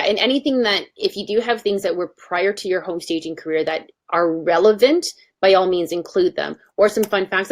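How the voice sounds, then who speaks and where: A woman speaking as a webinar guest in an enthusiastic, bubbly and emphatic way. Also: fairly low pitch. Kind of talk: casual webinar chat.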